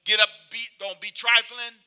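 A male preacher with a high, piercing, sharply bright voice delivers a sermon. He hammers repeated phrases in call-and-response style, pushing hard one moment and dropping to a low murmur the next. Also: flat delivery, normal speed, clear, resonant tone. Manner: swings between loud exhortation and quiet, low asides.

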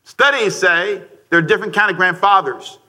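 A middle-aged man preaching a sermon to a congregation, lively and joking, rising to shouts. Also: high-pitched, normal speed. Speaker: pastor. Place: church sanctuary before a congregation.

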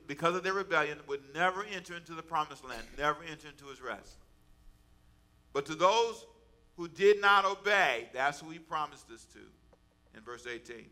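A man's voice: fairly high pitch, pushed and bright. A man giving a sermon, preaching conversationally and asking the congregation rhetorical questions. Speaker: pastor.

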